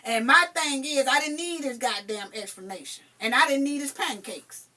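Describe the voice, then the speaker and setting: A mother telling a personal story in casual chat, emphatic and animated, swearing now and then. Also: high-pitched, normal speed, far from the mic.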